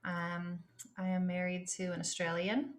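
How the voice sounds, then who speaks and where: A woman in her forties co-hosting a podcast in casual chat, upbeat and playful with quick asides. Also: fairly low pitch, completely flat delivery. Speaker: podcast co-host.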